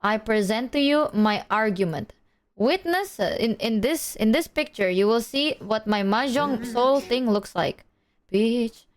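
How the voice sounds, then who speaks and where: A woman live streamer talking to her chat in a slightly raised, bright register. She tells stories in an animated way, with plenty of swearing along the way. The tone stays loose and conversational. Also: fairly high pitch, a little slow. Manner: animated storytelling, heavy swearing. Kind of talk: casual chat to a stream audience.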